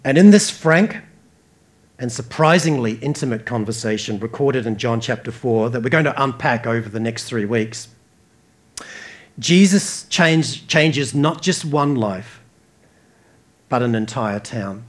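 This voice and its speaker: A man with an Australian accent preaching a sermon earnestly, rising emphatically and dropping soft. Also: mid-range voice, expressive, measured pace. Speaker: pastor.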